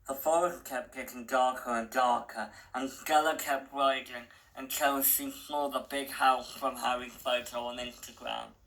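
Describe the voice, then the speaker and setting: Slow, gravelly male storyteller. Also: mid-range voice, steady tone, a bit bright, poor audio. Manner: slow, deliberate, with small restarts. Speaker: narrator. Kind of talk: reading a story aloud.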